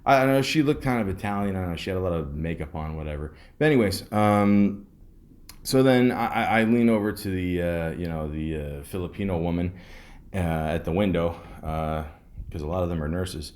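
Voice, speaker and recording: Male podcast host, low voice, rambling sardonic storyteller, swears freely. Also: a little fast, darkish tone. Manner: rambling, sardonic, profane, many fillers. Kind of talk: casual storytelling.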